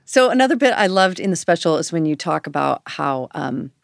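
Low-pitched chatty woman host. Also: brisk, vocal fry, no room sound. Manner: lively, chiming in and finishing sentences. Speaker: interviewer host. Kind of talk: casual interview chat.

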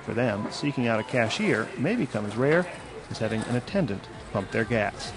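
Male radio news reporter. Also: medium pitch. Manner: measured, even delivery. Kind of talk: scripted news narration.

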